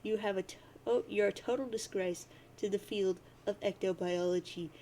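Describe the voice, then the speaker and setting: A woman voicing a cackling, menacing blind troll girl with a high giggling laugh, read aloud from a webcomic. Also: fairly even intonation, moderate pace, mellow, slight background noise, close to an everyday voice. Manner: giggly then coldly threatening.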